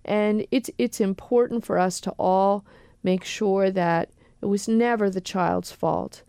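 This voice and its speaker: A woman attorney answering questions on a radio talk show in a careful, measured way with frequent pauses. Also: medium pitch, steady tone, gravelly, warm tone, clear, resonant tone, dry recording, studio quality. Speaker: attorney guest.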